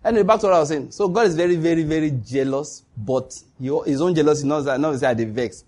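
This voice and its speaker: A man delivers a sermon in an animated storytelling manner, acting out dialogue and laughing often. His voice is fairly high and has a husky edge. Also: fast talker, hardly any pauses. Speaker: preacher.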